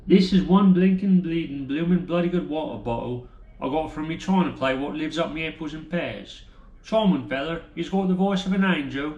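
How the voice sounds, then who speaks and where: A man's voice: fairly high pitch, moderate pace, a little mellow, dull audio, lightly acted. Man doing a gabby Cockney geezer. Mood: chirpy. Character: chatty Cockney man full of rhyming slang. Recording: roomy echoing room.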